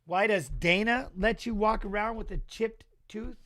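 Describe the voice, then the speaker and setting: A man hosting a live-stream watch-along, giving casual fight commentary in an excitable, slangy way and teasing the chat. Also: sits high, unhurried.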